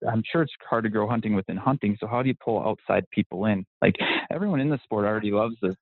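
A man's voice: on the low side, quick pace, no room sound. A man chatting as a podcast guest, rambling and self-deprecating, laughing often. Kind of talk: casual interview chat. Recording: tinny phone-like line.

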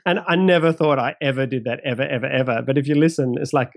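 A man's voice: on the high side, quick pace. Aussie guy chatting about his gaming show, repeats little words a lot, no room echo at all. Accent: Australian. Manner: chatty, repeats words at starts, laughs easily. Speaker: game master of a streamed tabletop show. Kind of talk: casual interview talk.

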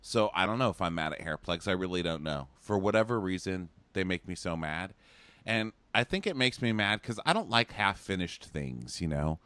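Bright-voiced man in animated comedic chat. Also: moderate pace, dry recording. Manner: animated, mocking, does squeaky impressions. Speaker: podcast co-host. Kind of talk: casual comedic recap chat.

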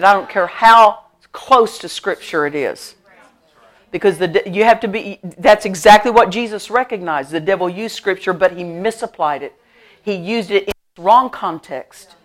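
A middle-aged woman pastor preaching a sermon at a church service. She tells stories with lively emphasis, laughs often, and repeats her key phrases. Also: mid-range voice. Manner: animated storytelling with frequent laughter.

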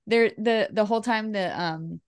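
With a clear, resonant mid-range voice and a measured pace, a woman co-hosts a relaxed movie podcast in a dry, clean studio recording. Her talk meanders, full of laughs, fillers, and restarts.

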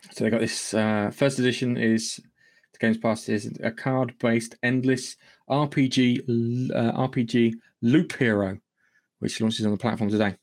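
A man hosting a casual gaming news podcast over an online call, rambling with many fillers and restarts and coughing now and then. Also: medium pitch. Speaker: podcast host.

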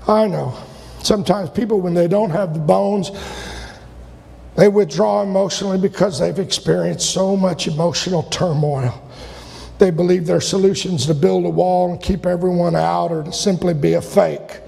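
High, gravelly-voiced preaching pastor, man. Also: steady tone, normal speed, long reverb tail. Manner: preaching with loud shouted peaks and sudden drops. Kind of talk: sermon.

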